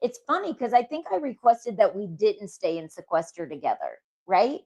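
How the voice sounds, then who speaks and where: A woman's voice: medium pitch, very animated, normal speed, a little mellow. A middle-aged woman co-hosting a casual live chat about a reality show, trading teasing, playful banter. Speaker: co-host of a reality TV podcast.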